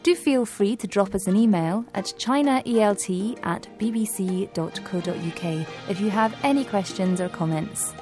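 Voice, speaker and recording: A woman presenting a language-learning programme, explaining points clearly and in a friendly way from a script. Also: medium pitch, normal speed, hardly any pauses, darkish tone, soft background music.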